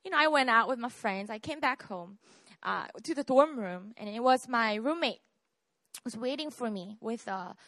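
A woman's voice: fairly high pitch, lively intonation, moderate pace, a bit bright, no echo. A woman, preaching a conversational sermon about her own faith and checking in with the listeners. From South Korea. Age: 30s. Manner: conversational, often asks "right?" and "okay?". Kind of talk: sermon with personal testimony.

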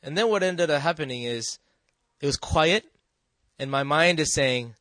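A man shares a personal testimony with a live audience, his voice sitting a little high for a man. He talks earnestly, keeps drawing the listeners in with quick questions and sinks soft and quiet at the tender parts. The sound is dry and close, with no room echo. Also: animated. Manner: storytelling, often asking the listeners "right?". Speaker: speaker sharing a personal testimony.

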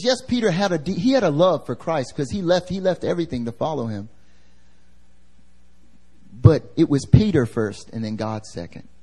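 Male pastor, live church sermon, a touch high-pitched, dramatic dynamics, voices the characters he quotes. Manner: dramatic, swings from loud emphasis to hushed near-whisper; acts out quoted voices, laughs at himself.

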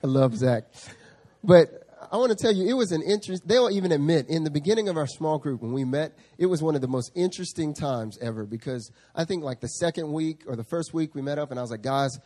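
A male pastor preaching a sermon, telling a story with animated quoted voices. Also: fairly high pitch, brisk. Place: church service.

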